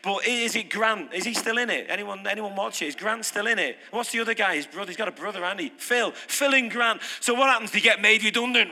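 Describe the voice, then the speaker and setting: A British man preaching a sermon, lively and conversational, putting questions to his congregation. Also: high voice, fast talker, few pauses. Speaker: pastor. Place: church hall. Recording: reverberant hall.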